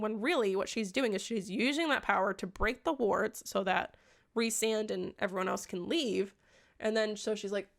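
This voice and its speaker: A woman giving an animated, sarcastic book recap in a casual vlog, swearing often. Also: mid-range voice, creaky. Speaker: book reviewer.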